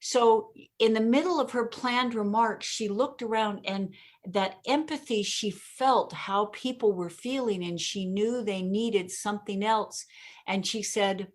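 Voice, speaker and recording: Energetic, emphatic woman telling stories. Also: medium pitch, measured pace. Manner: energetic, emphatic storyteller who laughs at her own jokes. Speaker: interview guest, communication expert. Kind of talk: conversational interview.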